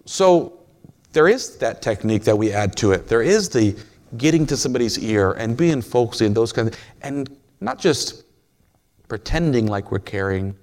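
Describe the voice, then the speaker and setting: A man's voice: mid-range voice, lively intonation, moderate pace, a little mellow. A man preaching a sermon in a folksy, storytelling way, joking with the congregation.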